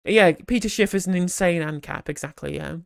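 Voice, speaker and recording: A stream host commenting live in a loose, rambling way, doubling back mid-sentence and slipping in sarcastic jabs. The voice sits at a middle pitch. It is recorded close on a mic with a dry, roomless sound. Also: brisk, vocal fry, no room sound. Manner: rambling, animated, full of restarts and sarcasm.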